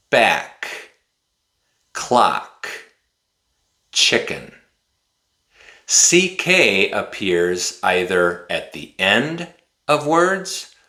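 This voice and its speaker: A man teaching English pronunciation, articulating each word slowly and carefully. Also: fairly low pitch, sharp tone, roomy sound. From United States. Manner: slow, carefully articulated, demonstrative. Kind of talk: slow, clear pronunciation lesson.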